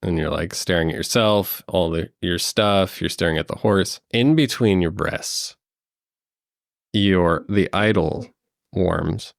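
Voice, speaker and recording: A man's voice: sits low, takes it slowly, creaky, no room sound, studio quality. A man narrating as game master of a tabletop game, hesitant with many ums and uhs. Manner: hesitant, fills with um and uh.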